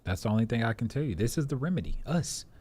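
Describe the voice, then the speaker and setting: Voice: medium pitch, animated, rapid-fire, a little mellow, husky. A playful podcast co-host in casual banter, hyping up the show and joking around.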